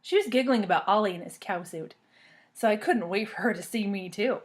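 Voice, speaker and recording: A woman reading a children's storybook aloud in a lively, expressive way, then talking to the children she reads for. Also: medium pitch, fairly quick. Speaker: reader of a children's book.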